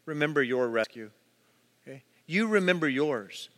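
A man preaching a sermon, telling personal stories with animated, acted-out voices. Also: fairly high pitch, normal speed, long reverb tail. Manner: storytelling, animated, acts out voices. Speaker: pastor.

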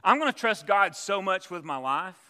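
A man's voice: sits high, big pitch swings, normal speed, pushed and bright, clear, resonant tone, big-room sound. A man preaching a sermon, telling a story and acting out its voices. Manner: storytelling preacher, acts out voices in his tales.

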